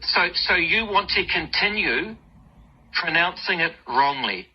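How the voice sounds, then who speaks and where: A woman's voice: fairly low pitch, animated, measured pace, slightly rough, muffled recording. A woman from Auckland with a New Zealand accent, challenging a caller on the radio. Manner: challenging, probing.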